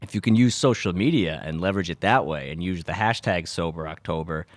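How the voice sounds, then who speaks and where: A young man, a podcast host rambling in a sarcastic deadpan way with lots of filler words. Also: sits low, a little fast, no room sound. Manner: dry sarcastic delivery with frequent filler words. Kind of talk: rambling deadpan comedic monologue.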